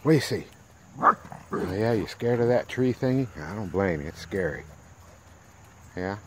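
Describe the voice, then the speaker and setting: A man's voice: on the low side, expressive, normal speed, a bit bright, a little hiss or hum. A man, a dog breeder chatting playfully and doting on his puppies outdoors. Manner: doting, playful baby talk to dogs. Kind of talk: casual outdoor vlog talking to puppies. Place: outdoors in a rural yard.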